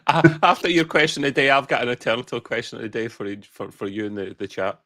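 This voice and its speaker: A man's voice: mid-range voice, fairly even intonation, quick pace, fairly bright tone, no room sound, studio quality. Chatty Scottish man co-hosting a podcast. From Scotland. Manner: chatty, hedging and laughing it off. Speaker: podcast co-host. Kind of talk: casual chat.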